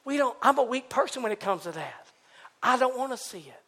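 A man with a very high-pitched, brisk voice preaches at a church service, animated and folksy. He swings from loud exclamations to hushed asides and trades lines back and forth with the congregation.

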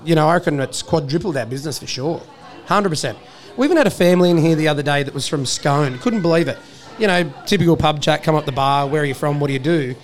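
A man's voice: fairly high pitch, fast talker. A young Australian man who runs a country pub, chatting in a joking, self-mocking way and laughing often. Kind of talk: casual interview chat.

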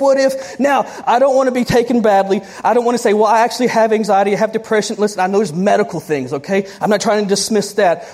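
Animated woman preaching a sermon. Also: a little high. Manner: animated storytelling, quick asides and laughs.

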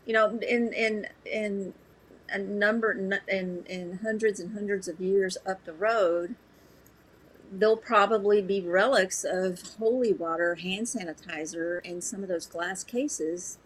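A woman's voice: mid-range voice, measured pace, poor audio. A woman co-hosting a radio show in casual chat, earnest and hesitant, often repeating her words. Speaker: radio co-host.

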